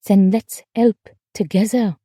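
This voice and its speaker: An earnest teenage French girl, as the audiobook narrator gives her a voice, pleading and eager. The tone is mellow and warm, recorded close and dry with no room sound. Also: steady tone, slow, no echo. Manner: pleading, eager, slightly higher and lighter than the narration. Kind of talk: audiobook character voice.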